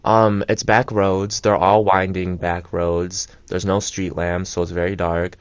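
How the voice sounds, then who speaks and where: A man's voice: deep voice, level tone, unhurried, smooth, no echo. A young man co-hosting a radio show, telling a story in a rambling, casual way with lots of fillers and asides. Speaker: radio co-host. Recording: dull lo-fi college radio mic.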